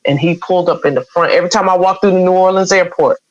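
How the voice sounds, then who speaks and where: A woman's voice: fairly low pitch, steady tone, fast talker. A woman guest on an interview show, telling a personal story in a candid, conversational way. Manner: candid, conversational, with many quoted exchanges. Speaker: radio program director, podcast guest. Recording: dull, dry sound.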